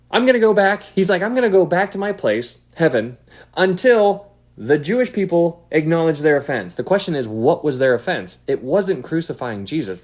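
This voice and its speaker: A man giving casual Bible teaching to an online audience. He talks in an animated way and drops to a hushed voice for emphasis. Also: fairly high pitch. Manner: animated, acts out quotes, drops to a hush for emphasis.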